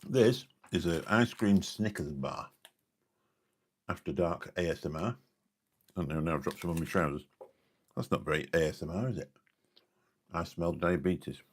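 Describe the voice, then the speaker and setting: On his late-night stream, the man from Lincolnshire reads viewer comments and rambles playfully in between. His deep, slightly rough voice moves at a moderate pace, broken by long pauses.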